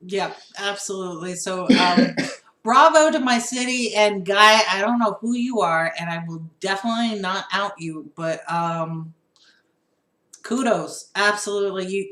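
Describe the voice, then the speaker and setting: A woman co-hosting a casual political chat show, telling stories with animated laughter. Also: mid-range voice, echoey room. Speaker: podcast co-host.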